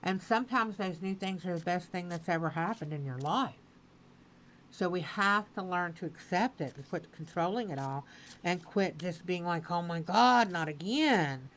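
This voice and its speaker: A woman giving a spoken tarot reading, repeating her phrases slowly and with emphasis. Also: lowish voice, fairly bright tone, a little hiss or hum, low-quality recording. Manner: slow, repetitive, affirming phrasing. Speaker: tarot reader.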